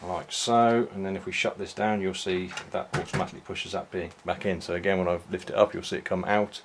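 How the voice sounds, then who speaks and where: Male hobbyist, lowish voice, relaxed halting show-and-tell, faint room hiss. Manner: unhurried, halting, many ums and restarts. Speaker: toy reviewer. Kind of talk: casual product walkthrough.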